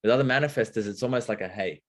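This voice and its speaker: A man's voice: lowish voice, fairly quick. A man speaking as a guest in a casual conversation, explaining things expressively and acting out little exchanges.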